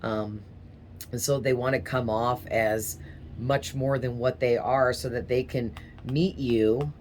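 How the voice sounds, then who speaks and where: A woman's voice: very deep voice, fairly even intonation, takes it slowly, darkish tone, a little hiss or hum. A woman giving a casual tarot reading, talking in a rambling, hesitant way with small stutters. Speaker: tarot reader.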